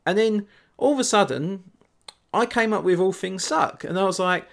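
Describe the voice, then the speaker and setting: A man with a somewhat high voice hosts a podcast in loose, casual chat. He talks in a lively, storytelling way with the odd casual swear. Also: brisk, creaky. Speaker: podcast host.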